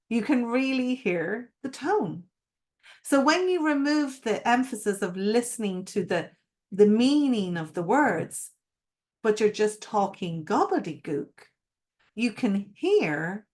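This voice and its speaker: A middle-aged woman giving a live-streamed masterclass as a coach, speaking expressively and emphatically and asking the viewers direct questions. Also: mid-range voice. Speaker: mindset coach.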